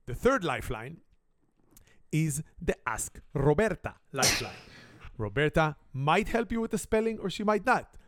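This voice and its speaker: A middle-aged man from Israel, speaking accented, broken English as a native Hebrew speaker, hosts a fun family spelling game and tells a humorous story. His voice is a little high and very animated, and he talks a bit slowly. There's no room sound.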